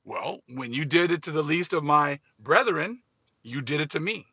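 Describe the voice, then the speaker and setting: A man voicing a solemn male savior figure who asks measured questions. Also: fairly high pitch, animated, bright, forceful tone, slightly rough, no room sound, muffled recording, full character voice.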